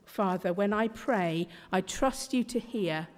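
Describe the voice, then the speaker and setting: A woman voicing Jesus as a calm man who speaks in a slow, steady, reassuring way. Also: mid-range voice, close to an everyday voice. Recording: long hall reverb.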